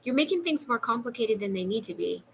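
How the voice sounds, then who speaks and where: A blunt, kindly male archangel speaks plainly and gets straight to the point, as a woman relays his words in her own bright voice. His lines are matter-of-fact and carry no meanness. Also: a little high, expressive, fast, creaky, slight background noise. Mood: direct.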